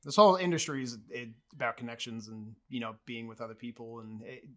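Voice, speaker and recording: A man's voice: mid-range voice, brisk. A man, a musician guest on a talk show, chatting eagerly and emphatically, laughing often. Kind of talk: casual interview chat.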